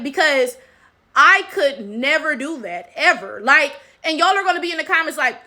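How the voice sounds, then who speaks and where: Bright high-voiced woman, emphatic commentary. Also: lively intonation, normal speed. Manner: emphatic, repeats "right?" as tag question. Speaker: commentary channel host. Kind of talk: casual commentary monologue.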